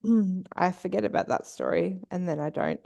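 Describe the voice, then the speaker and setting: A woman's voice: fairly low pitch, big pitch swings, moderate pace, vocal fry, dark tone. A woman guesting on a podcast, telling a personal story candidly and swearing freely. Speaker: podcast guest, business and mindset coach.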